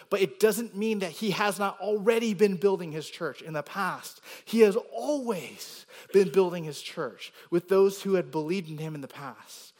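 A pastor explaining a Bible passage in a sermon, checking in with the congregation and pushing hard on quoted words. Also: male voice, high-pitched. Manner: explanatory, rising emphasis on quoted words, frequent "right?" checks. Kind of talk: sermon teaching.

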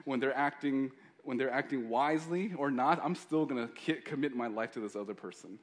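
Male pastor preaching, chatty and jokey, mid pitched voice. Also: fairly quick. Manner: joking, conversational preaching. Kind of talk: sermon.

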